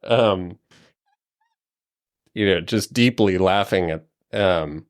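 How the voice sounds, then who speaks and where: A man's voice: sits low, slow, no room sound, studio quality. A man narrating a tabletop role-playing game as game master, rambling and chuckling as he describes scenes.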